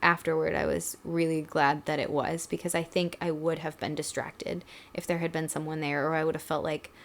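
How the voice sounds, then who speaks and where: A woman's voice: low voice, flat delivery, normal speed, vocal fry, a little hiss or hum. A young woman co-hosting a podcast, talking casually with many fillers. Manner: chatty, many "like" fillers, tearful at times. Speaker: podcast co-host. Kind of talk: casual chat.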